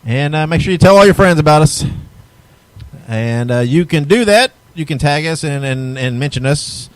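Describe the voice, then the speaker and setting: A man's voice: a little high, expressive, normal speed, dry recording, rough recording. A man hosting a wrestling podcast, chatting casually and reading out plugs for upcoming shows. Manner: easygoing, chatty, reads show plugs. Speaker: podcast host.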